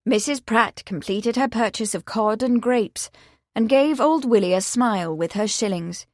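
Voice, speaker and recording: A woman narrating an audiobook in a measured, even storytelling manner. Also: on the high side, no echo, clean studio sound. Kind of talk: scripted narration.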